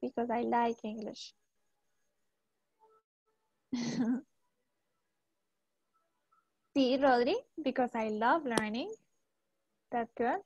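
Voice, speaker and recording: A woman's voice: fairly high pitch, very slow, pauses often, darkish tone, highs cut off. A young woman teaching an English class to students, asking many short questions and switching into Spanish to explain.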